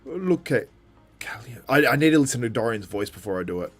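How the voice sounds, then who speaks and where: A man hosts a live watchalong stream in a relaxed, chatty way. His voice sits in the middle of the range, and his sentences often restart. Faint music runs underneath. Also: medium pitch, a little fast. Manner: chatty, with frequent restarts and laughter. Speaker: livestream host. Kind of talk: casual live watchalong commentary.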